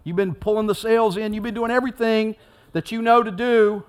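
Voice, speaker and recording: A man's voice: high-pitched, steady tone, a little fast, clear, resonant tone. A man giving a sermon as a pastor, preaching in a conversational way and acting out the story with rising intensity.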